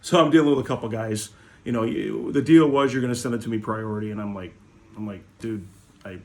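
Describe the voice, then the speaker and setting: A man's voice: fairly low pitch, darkish tone. A man who sells hockey cards, telling a profane, ranting story to his viewers. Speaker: hockey card seller. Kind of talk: casual ranting vlog.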